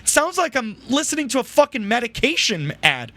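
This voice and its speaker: A man reading news stories aloud and ranting about them in a profane, animated commentary for his channel, recorded on a desk microphone at home. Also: extremely high pitch, moderate pace, hardly any pauses. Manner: animated, swearing, laughing, ranting. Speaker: political commentary YouTuber. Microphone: new desk microphone.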